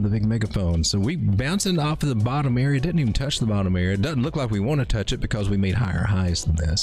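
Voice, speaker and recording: With a lowish, darkish-toned voice, this man runs a late-night crypto stream. He wanders loosely through the charts in a casual market breakdown, cracking playful dad jokes along the way.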